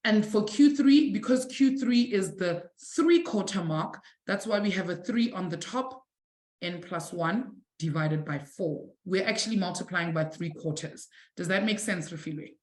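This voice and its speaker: A woman from South Africa teaching a live online maths lesson, encouraging her students warmly and calling them affectionate names. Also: on the low side, measured pace, echoey room. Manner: warm, encouraging, calls students "my sweetie".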